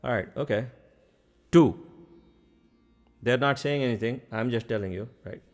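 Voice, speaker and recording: A man voicing a bumbling, easily upset younger brother, muttering more softly than in his narration. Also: medium pitch, quick pace, soft background music, close to an everyday voice. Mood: indignant.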